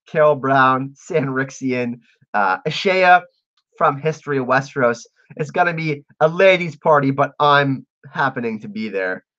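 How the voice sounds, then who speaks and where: A man's voice: fairly high pitch, fairly bright tone, muffled recording. A man hosting a casual livestream, chatting with viewers and reading out their messages, laughing often. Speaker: livestream host.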